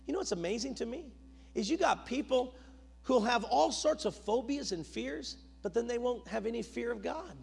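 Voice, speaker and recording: A middle-aged male pastor preaching a sermon, moving from loud urgent bursts to low, quiet asides. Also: lively intonation, moderate pace, creaky, breathy edge, soft background music.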